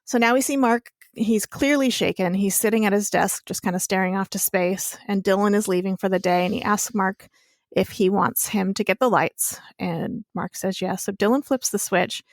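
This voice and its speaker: A woman's voice: medium pitch, steady tone, normal speed, dry recording, studio quality. A young woman co-hosting a podcast, retelling a TV episode in a chatty, casual way with plenty of swearing. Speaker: podcast co-host. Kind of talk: casual TV recap chat.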